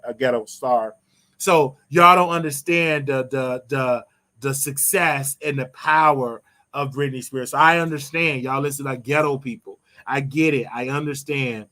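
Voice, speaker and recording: A man's voice: medium pitch, fairly bright tone. A man hosting his own commentary show, ranting in a sarcastic, provocative way. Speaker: host.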